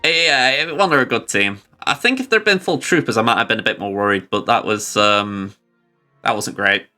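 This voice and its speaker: Man, game streamer, casual commentary, self-deprecating, bright tone, faint music behind. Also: fairly low pitch, expressive, normal speed. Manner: rambling, self-deprecating, chuckling.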